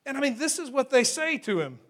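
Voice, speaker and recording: A man with a notably high voice preaches a sermon into a microphone. He keeps it conversational and emphatic, checking in with his listeners with quick questions as he goes. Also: big pitch swings, a bit bright. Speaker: pastor.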